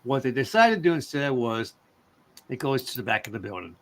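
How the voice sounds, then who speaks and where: A man's voice: mid-range voice, very animated, a little fast, noisy background. A man from the northern United States hosting a casual talk show, rambling with many fillers and restarts. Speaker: host.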